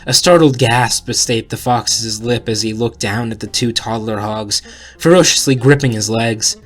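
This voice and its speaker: Dude reading a fan story out loud, middle voice, faint guitar playing. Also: male voice, mid-range voice, fairly even intonation, moderate pace. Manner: casual, laughing asides.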